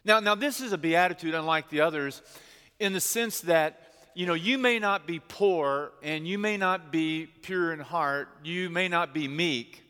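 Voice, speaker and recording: A man preaching a sermon as pastor, telling a personal story in an earnest way and slowing down to stress key words. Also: a little high, pushed and bright, smooth. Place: church sanctuary. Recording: long hall reverb.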